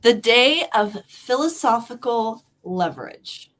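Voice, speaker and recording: A woman's voice: a little high, expressive, takes it slowly, fairly bright tone. A woman in her forties hosting a casual livestream, chatty and laughing as she reads out personality traits. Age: 40s. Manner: chatty, laughing, spells out hard words. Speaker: livestream host reading birthday personality traits. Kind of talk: casual live chat.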